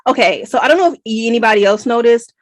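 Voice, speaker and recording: An American woman co-hosts a book review podcast, chatting in an animated, digressive way. Her voice sits a little high. It is recorded close and dry, with no room sound. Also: quick pace, no room sound. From United States. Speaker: podcast co-host. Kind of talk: casual book review chat.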